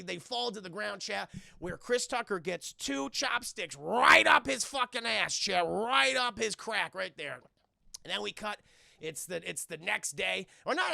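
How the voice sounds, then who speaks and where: A man streaming live, recapping a film scene by scene for his chat in an animated, profane way and thanking viewers as they join. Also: creaky, dry recording, studio quality. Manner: animated and profane, acting out characters' lines with shrill squeals.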